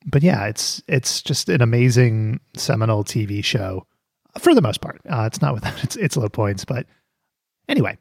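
A man's voice: mid-range voice, big pitch swings, moderate pace, creaky, darkish tone, no room sound, studio quality. A man co-hosting a podcast, chatting casually and cracking jokes. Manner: joking, playful, laughs often. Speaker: podcast co-host. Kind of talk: casual chat.

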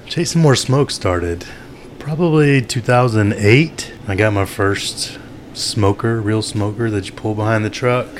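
Low-voiced man, slow and off-mic. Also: a little hiss or hum. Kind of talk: casual chat.

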